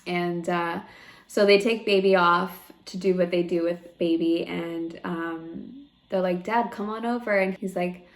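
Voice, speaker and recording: A young woman tells her own story to the camera in a loose, chatty vlog, leaning on plenty of ums and likes. Her voice sits a little low for a woman, and she sounds close to tears at moments. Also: fairly even intonation, unhurried. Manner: chatty and candid, full of fillers, emotional. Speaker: vlogger.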